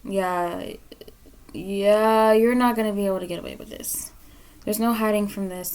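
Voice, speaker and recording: Woman, tarot reader, blunt, scolding, cusses a lot, mid-pitched voice. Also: steady tone, moderate pace, darkish tone, smooth. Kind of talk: pick-a-card tarot reading.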